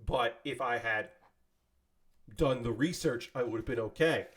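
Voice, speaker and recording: A man's voice: mid-range voice, a little slow, a bit bright. A man chatting casually on a live stream while building, rambling and swearing freely as he thanks viewers. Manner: thanks viewers and subscribers by name.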